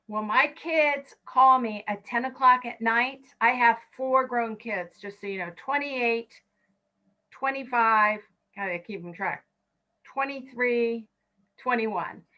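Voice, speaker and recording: A California woman in her fifties leads an online stress management class, guiding listeners through breathing counts and adding chatty personal asides. Her voice is on the high side, and the recording sounds muffled.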